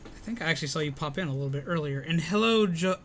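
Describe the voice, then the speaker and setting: A man's voice: on the high side, fast talker, fairly bright tone, a little hiss or hum. A man in casual live-stream chat, answering viewer comments while recovering from illness. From Alabama, US.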